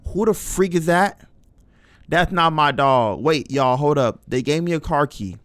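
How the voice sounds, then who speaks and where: A young male streamer talks through a horror game, his voice sitting a bit high for a man. He is chatty and jumpy, tossing casual slang at his viewers. The sound is dry and close, with no room echo. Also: lively intonation, measured pace, fairly bright tone, smooth. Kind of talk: live horror game commentary.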